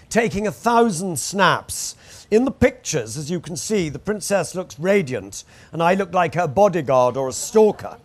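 A man narrating his memoir aloud with wry, anecdotal storytelling. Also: sits high. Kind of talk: audiobook memoir reading.

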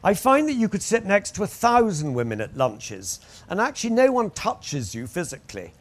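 A man's voice: sits high, wildly swooping pitch, moderate pace. A man narrating his memoir aloud with wry, anecdotal storytelling. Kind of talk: audiobook memoir reading.

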